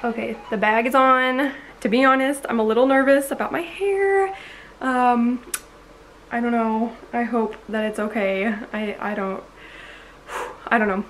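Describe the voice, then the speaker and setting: A woman's voice: fairly high pitch, unhurried, a little hiss or hum. A young woman in a casual vlog, talking in an anxious, rambling way with lots of fillers. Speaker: vlogger.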